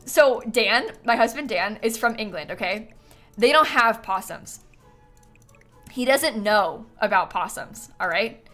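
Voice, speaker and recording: A woman's voice: fairly high pitch, animated, measured pace, fairly bright tone, faint music behind. A woman hosting a livestream, chatting casually and giggling while she plays a game and thanks viewers for donations. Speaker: livestream host. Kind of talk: casual chat while gaming.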